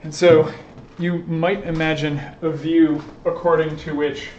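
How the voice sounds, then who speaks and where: A man's voice: a little high, little pitch movement, a little slow, a little mellow, distant mic, slight background noise. A man speaks to a small group in an informal lecture, thinking aloud and circling back with fillers as he works through his points. The room sounds echoey, and the recording is dull and lo-fi.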